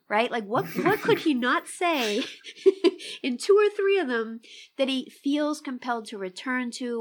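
Reflective woman talking about poetry. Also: a little high. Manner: thoughtful, reflective, softens at the ends of thoughts. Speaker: interviewer and literature scholar. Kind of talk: conversational discussion.

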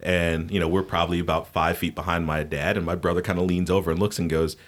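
Middle-aged male podcast co-host, very deep voice, animated storyteller who laughs easily. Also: fast talker. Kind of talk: casual storytelling chat.

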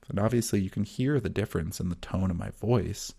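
A man teaching breathwork in a calm, measured, soothing way, with long pauses. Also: sits low, gravelly, husky. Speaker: breathwork and wellness guide. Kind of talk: teaching monologue.

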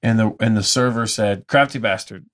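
A man's voice: lowish voice, normal speed. A man who owns a brewery tour business, telling stories with enthusiasm in a casual conversation and acting out the dialogue. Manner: enthusiastic storyteller, acts out dialogue.

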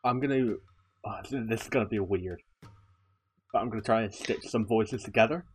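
Low-voiced man playing a tabletop game. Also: normal speed, husky. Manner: casual, describing actions. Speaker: player.

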